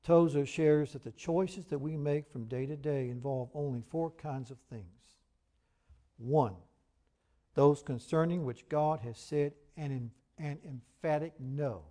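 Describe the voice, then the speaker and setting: Mellow-voiced preaching man. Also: on the high side. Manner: earnest preaching with emphatic repetition; reads scripture aloud in measured cadence. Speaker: pastor. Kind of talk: sermon.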